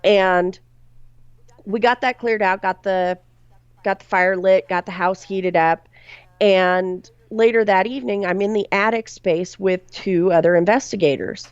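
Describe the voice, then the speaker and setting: A woman's voice: mid-range voice, steady tone, unhurried, clean tone, no room sound. Woman telling a spooky story, lo-fi. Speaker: paranormal investigator guest. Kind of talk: storytelling in a podcast interview.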